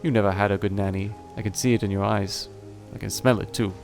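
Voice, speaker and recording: A man voicing a small, fierce female orc who works as a nanny, speaking in a brisk, scolding way. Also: lowish voice, steady tone, gravelly, a little mellow, soft background music. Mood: pitying.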